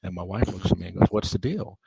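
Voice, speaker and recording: A man's voice: sits low, lively intonation, fast, vocal fry, mellow, a little hiss or hum, rough recording. A middle-aged man telling rambling personal anecdotes as a guest in a casual interview.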